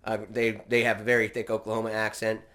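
A middle-aged man with a California accent and a slight rocker rasp, talking loudly and rambling in casual podcast chat. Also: lowish voice, monotone, quick pace. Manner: loud, outgoing, swearing, rambling restarts. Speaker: podcast host, voiceover actor.

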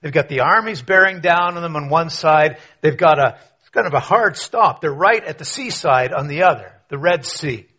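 A man preaching a conversational sermon, telling a story with rhetorical questions and quiet asides. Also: fairly high pitch, normal speed, breathy edge. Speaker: pastor.

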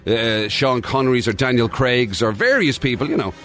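A man's voice: mid-range voice, normal speed, a bit bright, faint music behind. An Irish man co-hosting breakfast radio, bantering in a teasing, playful way and laughing often. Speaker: radio host.

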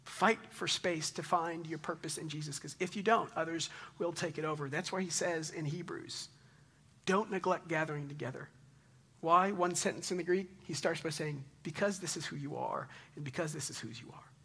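A man in his thirties preaching a conversational sermon, telling stories in an animated way and closing in prayer. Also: fairly high pitch, moderate pace, breathy edge. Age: 30s. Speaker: pastor.

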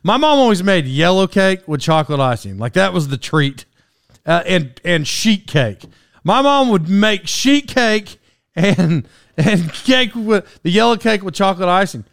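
A man's voice: sits high, big pitch swings, a little slow, creaky, a bit bright, dry recording, studio quality. A man in his forties hosting a podcast solo, rambling through a personal story with restarts and laughs at himself. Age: 40s. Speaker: podcast host.

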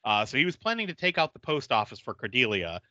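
A man hosting a podcast, casually recapping a horror film with animated storytelling and frequent laughter. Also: mid-range voice, fast, no room sound, dull audio. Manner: animated storyteller, acting out quotes and laughing often. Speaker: podcast host. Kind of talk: casual movie recap chat.

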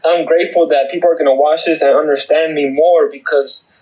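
A man speaking as an interview guest, giving a halting personal testimony full of fillers, heard over a remote call. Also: a little high, fairly even intonation, muffled recording. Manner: halting, many fillers and restarts.

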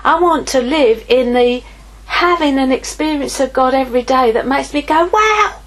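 A woman preaching a sermon, lively, moving from hushed asides to exclaiming. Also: sits high, normal speed, low-quality recording. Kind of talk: sermon teaching.

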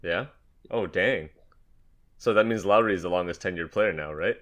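A young man hosting a casual sports podcast, upbeat and joking, quick to laugh. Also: low-pitched, a bit bright. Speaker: podcast host. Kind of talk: casual basketball podcast chat.

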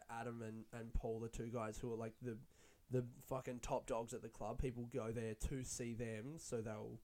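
A man's voice: mid-range voice, darkish tone. Chatty, profane young man comedian. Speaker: stand-up comedian. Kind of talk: casual rambling monologue.

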